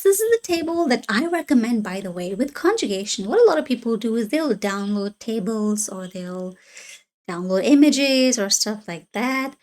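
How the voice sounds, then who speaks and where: A woman leads a beginner lesson over a shared screen. Her voice sits fairly high and swings up and down, chatty and reassuring. She talks with loose fillers and small laughs. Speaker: language teacher. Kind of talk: online lesson with screen sharing.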